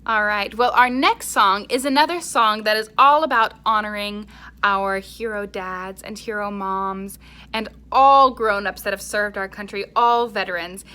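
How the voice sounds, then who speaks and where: A woman teaching a music lesson to young children, leading them in chants and songs with plenty of encouragement. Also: mid-range voice. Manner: warm encouraging, slow and clear, sings and chants along.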